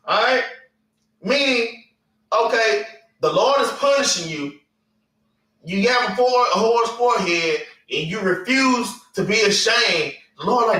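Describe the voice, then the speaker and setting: A man's voice: high-pitched, expressive, unhurried, pushed and bright, far from the mic. A man teaching a Bible class, preaching bluntly with slang and cursing, and often tagging "man" and "all right". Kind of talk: informal preaching with scripture reading. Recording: echoey room, away from the mic.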